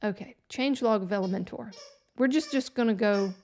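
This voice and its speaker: Gravelly, sarcastic woman live-streaming. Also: mid-range voice, moderate pace, darkish tone, a little hiss or hum. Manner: sarcastic, exasperated, talks to herself. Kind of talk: casual live stream chat.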